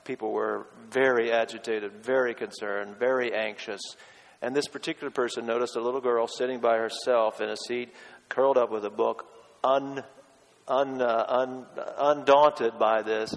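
Pastor guy preaching, punches words then goes quiet, long church reverb. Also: mid-range voice, steady tone, normal speed, creaky. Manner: emphatic, swinging from loud stresses to hushed quotes. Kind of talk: sermon.

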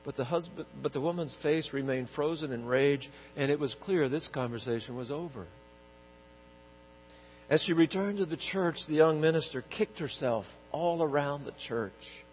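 Guy pastor telling a story from the pulpit, earnest and pausing, long echo, kinda dull sound with a hum. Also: on the high side. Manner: earnest, story-driven preaching with pauses. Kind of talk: sermon storytelling. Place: large church sanctuary. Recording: echoey hall with dull, humming sound.

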